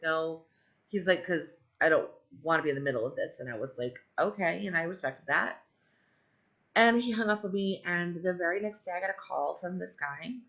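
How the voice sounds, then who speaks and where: A woman's voice: fairly low pitch, gravelly, a bit bright. A middle-aged woman telling a long personal story in a rambling way, full of fillers and asides. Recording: dull lo-fi sound.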